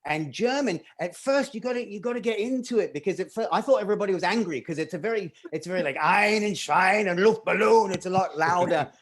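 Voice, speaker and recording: A man doing a stand-up set, his voice a little higher than most men's. He rambles from one travel story to the next in a self-deprecating way and keeps breaking into laughs at his own jokes. Now and then faint audience laughter comes in behind him. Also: expressive, fast, hardly any pauses. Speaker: stand-up comedian.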